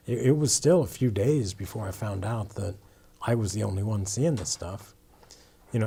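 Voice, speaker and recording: A man's voice: fairly low pitch, creaky, warm tone, breathy edge. A man, a guest in an interview, earnestly telling his conversion story with many restarts and "you know"s.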